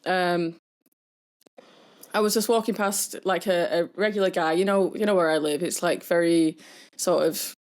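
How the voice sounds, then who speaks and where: A young woman telling stories in a casual podcast chat, full of fillers and high-pitched mimicry. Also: steady tone, normal speed, a little mellow. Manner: chatty storyteller with many fillers, mimics people in a high voice. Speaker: podcast co-host.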